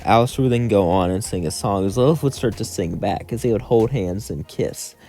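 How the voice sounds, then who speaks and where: A man's voice: fairly low pitch, moderate pace, warm tone. A man telling a fan-fiction story in run-on narration, stringing events together and quoting the characters' lines. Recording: faint music underneath.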